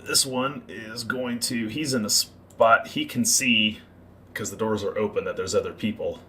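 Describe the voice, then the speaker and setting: A man acting as game master, narrating a tabletop game and explaining rules with relaxed fillers. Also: fairly low pitch, measured pace, slight background noise.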